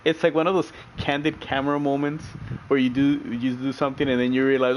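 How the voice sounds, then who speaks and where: A man's voice: mid-range voice, little pitch movement, brisk, a little hiss or hum, low-quality recording. A man streaming sim racing, chatting casually with his viewers, laughing often and repeating himself as he talks.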